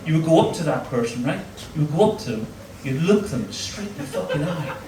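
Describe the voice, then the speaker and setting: A slightly high, mellow voice belongs to a Northern Irish stand-up who speaks briskly and animatedly while crudely teasing the crowd. The live, roomy club recording from a distant mic carries a little hiss or hum and audience laughter.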